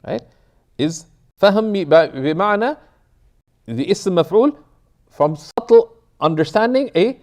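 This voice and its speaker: Man teaching a lively text commentary. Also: high voice. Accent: Classical Arabic pronunciation of Arabic terms. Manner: reads Arabic text quickly then explains in English with many "right?" checks. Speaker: teacher of Islamic theology.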